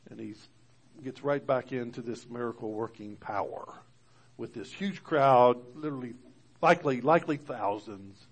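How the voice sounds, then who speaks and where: A male pastor delivering a conversational sermon to his congregation. He rises louder and higher when reading scripture aloud.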